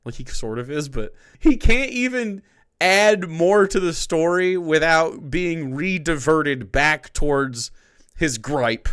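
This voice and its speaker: A man's voice: fairly high pitch, very animated, a little slow, a bit bright, clean tone, no echo, studio quality. A man streaming live and reacting to a clip, swearing a lot, mocking it and laughing often.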